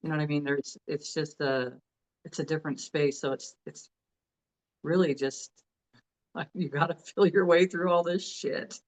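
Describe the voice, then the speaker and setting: A man's voice: a little high, fairly even intonation, moderate pace, rough recording. A man co-hosting a casual spiritual chat, musing loosely and swearing casually. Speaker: podcast co-host.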